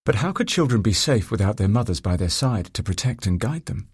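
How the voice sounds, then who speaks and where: A man narrating a first-person story in a reflective, measured and formal way. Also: lowish voice, expressive, husky, dry recording, studio quality.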